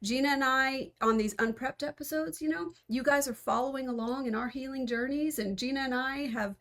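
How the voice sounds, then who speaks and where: A woman with a Texas accent co-hosts a podcast in loose, unscripted chat. Her voice sits a little high, and she talks openly and laughs easily. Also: fairly quick, a bit bright. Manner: chatty and open, laughs often. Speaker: podcast co-host. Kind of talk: casual chat.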